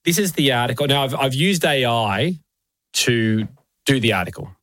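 A man's voice: medium pitch, animated, moderate pace, a bit bright, no room sound, studio quality. A man co-hosting a comedy podcast, wry and chuckling. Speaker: podcast co-host. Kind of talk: casual comedy banter.

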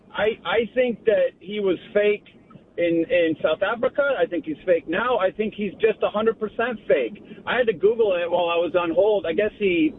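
A man calling in to a radio talk show, speaking in a hesitant, rambling way. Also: high voice. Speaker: caller. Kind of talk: call-in radio. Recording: tinny phone line with faint hiss.

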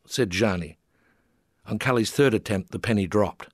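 An older man reading his travel memoir in a lowish voice, measured and gently amused. The sound is close and dry, with no room around it. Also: dry recording. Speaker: memoir narrator.

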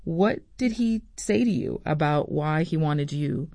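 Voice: medium pitch, expressive, measured pace, creaky, darkish tone, dry recording. A news interviewer asking probing questions, with small restarts along the way.

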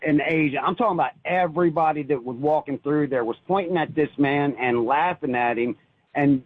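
A man's voice: on the high side, dry recording. Earnest man calling in over a phone. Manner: earnest, halting, many restarts. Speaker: caller. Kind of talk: phoned-in personal testimony. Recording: tinny phone line.

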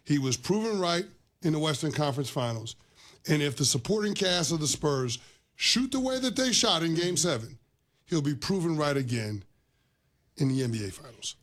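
A man arguing basketball on a sports radio show in a studio, animated, often restarting his sentences. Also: fairly high pitch, moderate pace. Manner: animated argument with stammered restarts.

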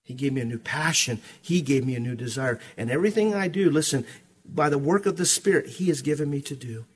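A pastor preaching a sermon, swinging between hushed, earnest passages and ringing, emphatic calls. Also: male voice, medium pitch, expressive, brisk, breathy edge.

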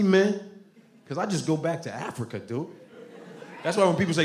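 A male stand-up comedian on a club stage, delivering a loud, animated, profane set. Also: medium pitch, moderate pace, long pauses. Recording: roomy club with crowd laughter and noise.

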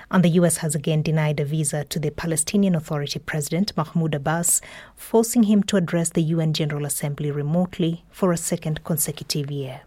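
A woman presenter reading scripted radio news headlines in a measured, formal way. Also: deep voice, warm tone, dry recording.

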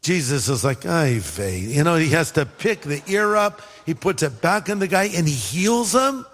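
A man's voice: on the high side, normal speed. A man preaching a sermon, telling a story with humor and acting out the voices of the people in it. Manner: animated storytelling, acts out quoted voices; humorous asides. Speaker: pastor. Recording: long hall reverb.

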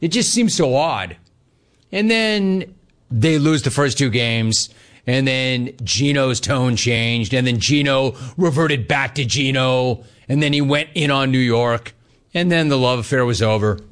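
A man's voice: medium pitch, unhurried, fairly bright tone. A man hosting a sports talk radio show, talking in a sarcastic, mocking way and reading listener mail. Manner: sarcastic, mocking, puts on voices when quoting callers.

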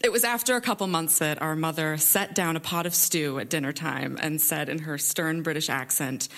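Young woman storyteller, lower voice, wry and lively delivery for a live story. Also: normal speed, few pauses. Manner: wry, lively first-person telling.

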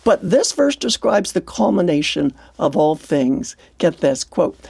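A woman's voice: on the low side, very animated, measured pace, vocal fry, hardly any pauses, darkish tone, breathy edge, dry recording. An older woman hosting a devotional radio program, talking earnestly and exclaiming with wonder. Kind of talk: heartfelt devotional radio talk.

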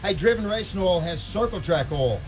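A man hosting a motorsports radio show, reading sponsor spots and chatting in a folksy, drawn-out way. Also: high voice, expressive, faint music behind. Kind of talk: casual radio talk and live ad reads.

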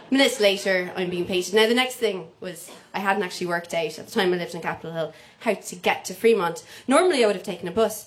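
A woman telling a comic personal story live, acting out the voices of the people in it. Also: mid-range voice. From Ireland. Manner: comic, animated, acts out quoted voices.

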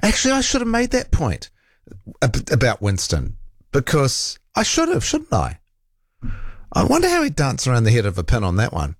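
A talk radio host with a medium-pitched, wildly swooping voice speaks at a moderate pace, recorded in clean studio quality with no echo. He reads listener texts and combatively argues back at critics, defending himself and fact-checking callers.

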